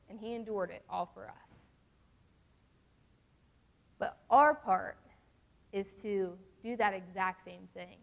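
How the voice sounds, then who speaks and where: A young adult woman teaching a youth group in a casual, earnest way, reading scripture slowly between chatty remarks. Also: mid-range voice. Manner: earnest, conversational, reads verses slowly.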